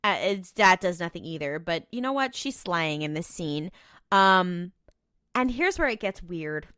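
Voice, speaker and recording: A woman co-hosting a podcast, recapping a TV episode in casual chat and quoting characters in quick asides. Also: lowish voice, animated, pushed and bright, clear, resonant tone, dry recording, studio quality. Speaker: podcast co-host.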